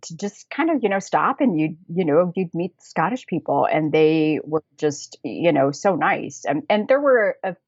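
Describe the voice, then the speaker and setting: An American woman telling travel stories in a casual podcast interview, chatty and quick to laugh, with many fillers. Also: sits low, animated, a little mellow, no echo. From United States. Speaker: guest, travel planner. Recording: dull, dry lo-fi audio.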